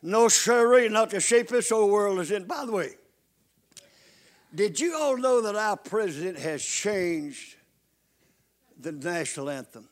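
An older man preaching a folksy sermon, dropping to hushed storytelling and rising to loud calls to his listeners. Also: high voice, lively intonation, a little slow, pauses often. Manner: repeats calls to the congregation.

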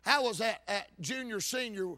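A man preaches a sermon. His voice sits very high and sounds bright and forceful. He preaches in a fervent, folksy way, swinging between loud calls and low asides. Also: moderate pace. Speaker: Baptist preacher.

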